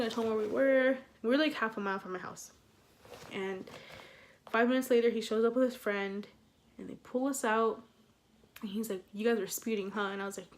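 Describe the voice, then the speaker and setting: A young woman in a casual storytime vlog, animated and swearing, acting out what people said. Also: fairly high pitch, fairly quick, long pauses. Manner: animated, swearing, acts out quotes with laughs. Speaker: vlogger.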